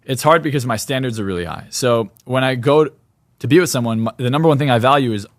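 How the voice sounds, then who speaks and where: A man's voice: medium pitch, fast talker, dry recording, clean studio sound. A man speaking as a podcast guest in a blunt, emphatic, opinionated way. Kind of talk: podcast interview.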